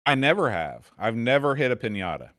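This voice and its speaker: A man in his thirties chats on a podcast with a lively, swinging pitch. He stops and restarts his sentences often, and the close mic sounds dry. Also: no room sound. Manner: halting, full of ums and restarts. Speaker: podcast co-host. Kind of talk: casual chat.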